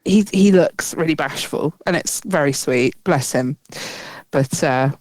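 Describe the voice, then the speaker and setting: A woman's voice: low voice, a little slow, no room sound. A woman co-hosting a podcast, telling stories in casual chat with lots of giggling. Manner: giggly, animated storytelling. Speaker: podcast co-host.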